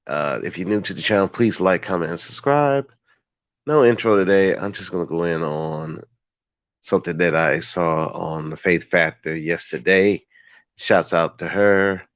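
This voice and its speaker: A man's voice: deep voice, measured pace, no echo. A man hosting his own podcast, giving a blunt, profane, heated solo commentary. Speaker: podcast host.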